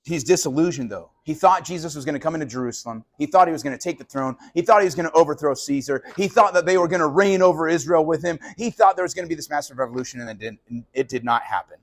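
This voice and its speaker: A man preaching a conversational sermon as a pastor, animated and casual, sometimes acting out voices of the people he talks about. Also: a little high, quick pace, hardly any pauses. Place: live sermon at a college venue.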